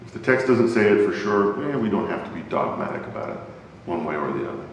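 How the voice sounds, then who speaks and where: A man's voice: big pitch swings, fast, dull audio. A man teaching an adult Bible class in a conversational way, often asking the class questions. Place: church classroom. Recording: very echoey hall, far from mic, faint rumble.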